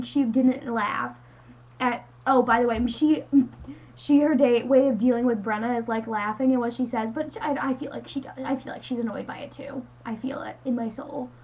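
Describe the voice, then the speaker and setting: In a muffled recording, a teenage girl with a fairly high voice rants into her webcam at home. The high school vlogger rambles on, clearly exasperated, and can't stop saying "like."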